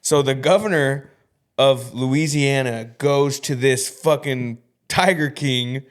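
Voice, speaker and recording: Brief: man, casual sports podcast co-host, swears freely, smooth clear voice, middle pitch. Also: takes it slowly. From Oklahoma fan. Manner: profane, animated storyteller.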